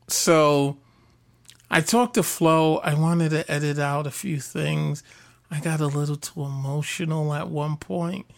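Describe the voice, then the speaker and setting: A man hosting a podcast, ranting casually in an animated, profane, self-deprecating way. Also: fairly high pitch, creaky. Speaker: podcast host. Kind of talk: casual solo rant.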